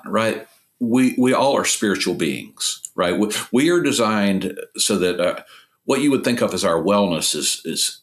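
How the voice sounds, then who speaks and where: A man speaking as a podcast guest, earnestly explaining ideas through stories. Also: low voice. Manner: earnest, illustrative storytelling. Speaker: podcast guest, recovery ministry founder. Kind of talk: conversational interview.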